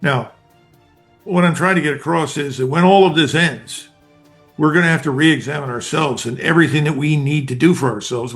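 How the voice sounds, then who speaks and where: A man's voice: fairly high pitch, fairly bright tone. An older man, a retired army colonel, giving blunt, emphatic analysis in an interview, speaking in short declarative bursts.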